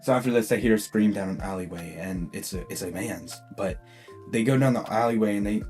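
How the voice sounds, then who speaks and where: Low-voiced young man rambling through a tale. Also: fairly quick, a little mellow, faint music behind. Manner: rambling, laughs often, self-correcting. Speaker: storyteller. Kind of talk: casual what-if narration.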